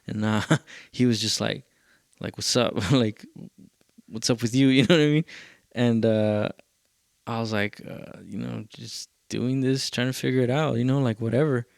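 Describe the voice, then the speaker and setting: A man's voice: mid-range voice, moderate pace, vocal fry, a little mellow, no room sound, studio quality. A man hosting a podcast, telling a rambling, profane story in a casual way and quoting people along the way. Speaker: podcast host.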